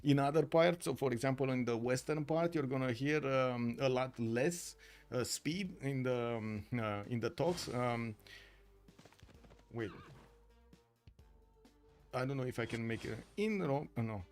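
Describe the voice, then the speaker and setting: A man's voice: mid-range voice, measured pace, long pauses, darkish tone, faint music behind. A man from Romania with a Romanian accent, casting a strategy game tournament live, answering chat with rambling talk, fillers and restarts. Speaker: esports caster.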